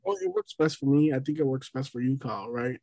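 A man's voice: mid-range voice, huge pitch swings, fast talker, gravelly, dark tone, no echo. A man in his twenties co-hosting a podcast, laid-back and laughing often, swearing freely in casual chat. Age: 20s. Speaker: podcast co-host.

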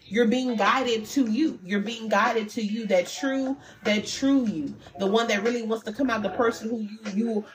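A woman's voice: mid-range voice, low-quality recording. Chatty woman giving a casual spiritual reading. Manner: chatty, loose and conversational, with slang and self-interruptions. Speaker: tarot reader.

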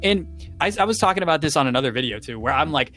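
A young man co-hosting a casual chat, telling a story in a dry, deadpan way. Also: a little high, very fast, faint music behind. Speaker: co-host.

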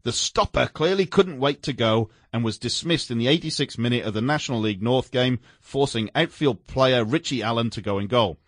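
A man's voice: mid-range voice, a little fast, few pauses, no echo, clean studio sound. A man co-hosting a sports radio show, chatting casually and reading out news stories with amusement. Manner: animated, laughs while reading stories aloud.

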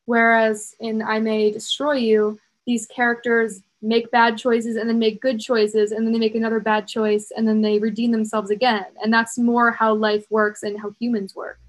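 Young woman, slightly high voice, casual podcast chat, lots of fillers. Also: little pitch movement, normal speed, few pauses, rough recording. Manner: chatty, uses fillers and "like". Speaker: podcast co-host.

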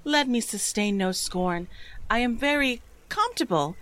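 An actress playing a young envoy in disguise in Elizabethan stage style, earnest and courtly. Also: female voice, fairly high pitch, animated, normal speed, fairly bright tone, low-quality recording.

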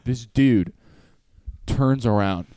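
A man's voice: mid-range voice, extremely slow, mellow, clear, resonant tone, dry recording. A young man co-hosting a podcast, telling stories with laughs and swearing in casual chat. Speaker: podcast co-host.

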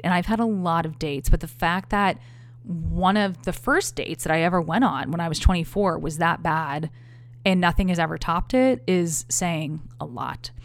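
Young woman podcasting solo, swears a lot, lowish voice, animated storytelling. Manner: candid, profane, animated storytelling. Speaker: podcast host. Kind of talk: casual storytelling monologue.

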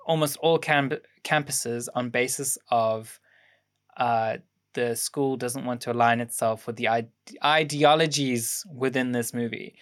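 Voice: medium pitch, steady tone, unhurried. Rambling young podcast host sharing film trivia. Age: young adult. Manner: rambling, fact-sharing with many ums and restarts. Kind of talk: casual film review chat.

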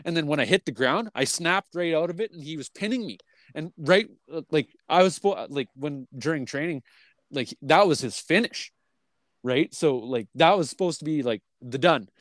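A man's voice: on the high side, no echo. A man telling a long story in casual podcast talk, rambling and swearing constantly, with many fillers and restarts. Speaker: podcast host.

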